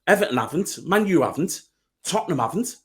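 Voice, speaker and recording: A man's voice: high voice, big pitch swings, a little fast. A man co-hosting a football podcast, blunt and heated, swearing freely as he rants. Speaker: podcast co-host. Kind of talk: casual football chat.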